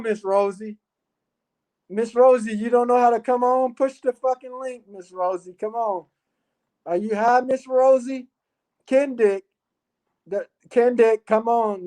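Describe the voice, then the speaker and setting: Male livestream host, low and mellow, rambling and profane. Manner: profane, rambling, laughing asides. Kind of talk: casual rambling livestream talk.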